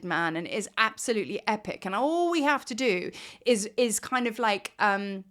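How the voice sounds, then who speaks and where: A woman's voice: on the high side, a bit bright. Emphatic woman spiritual teacher. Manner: enthusiastic, emphatic, repeats words for effect. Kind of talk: casual spiritual vlog talk. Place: at home, recording at her desk.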